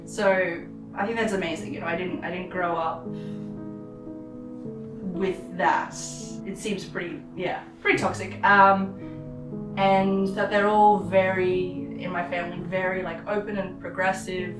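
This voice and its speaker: A woman's voice: on the low side, flat delivery, unhurried. Hesitant woman, roomy and distant. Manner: thoughtful, hesitant, with fillers. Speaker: interviewee. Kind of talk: candid personal interview. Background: guitar music.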